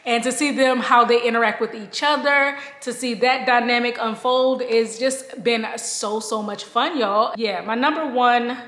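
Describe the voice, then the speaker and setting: A chatty woman vlogs to her audience, calling them "y'all" and breaking into easy laughs as she goes. Her voice sits a little high and bounces around a roomy, echoing space at home. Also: steady tone, a little slow, hardly any pauses, a bit bright. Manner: chatty, addresses viewers as "y'all", laughs often. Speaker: lifestyle vlogger and mom. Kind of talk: casual chat to camera. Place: at home, moved from outdoors to indoors. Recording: echoey room.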